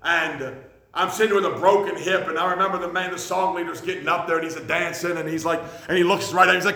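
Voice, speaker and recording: A man preaching a sermon, impassioned, swinging from loud declarations to hushed lines. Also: sits high, fairly even intonation, quick pace, vocal fry. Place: church sanctuary. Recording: echoey church hall.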